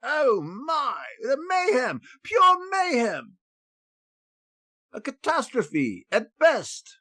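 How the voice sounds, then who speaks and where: A man's voice: extremely high pitch, wildly swooping pitch, extremely slow, pushed and bright, no room sound, clean studio sound, pitched above the performer's own voice, heavily acted. A man voicing a fussy English stable hand in a put-on English accent who panics when his horses run off. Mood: flustered. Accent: mock English. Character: flustered posh English stable hand, male.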